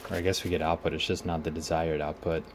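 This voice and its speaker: At his workbench, a man with a very deep voice and flat delivery talks through a guitar pedal repair for his video. He thinks aloud, in no hurry, trailing off as he tests and troubleshoots. Slight background noise is audible.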